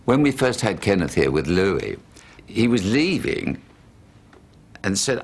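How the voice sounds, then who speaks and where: A man's voice: lowish voice, big pitch swings, measured pace, creaky, long pauses, breathy edge. A man in a documentary interview, reminiscing in a wry manner.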